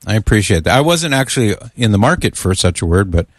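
Guy hosting call-in radio, lowish voice, dry studio sound, joking around. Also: sing-song, fast, no room sound. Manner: friendly, joking banter. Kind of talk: casual call-in radio chat.

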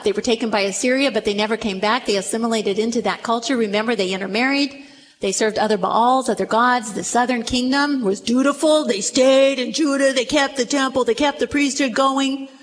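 A woman's voice: on the high side, slight background noise. A woman preaching a sermon, telling a story expressively and acting out its voices.

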